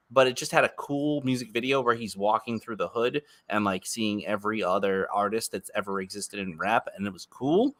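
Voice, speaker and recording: A man in his thirties co-hosts a podcast in easy, excited chatter, his mid-pitched voice bright and sharp. He strings his thoughts together with plenty of filler words. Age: 30s. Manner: enthusiastic, heavy on filler words. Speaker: podcast co-host. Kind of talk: casual chat.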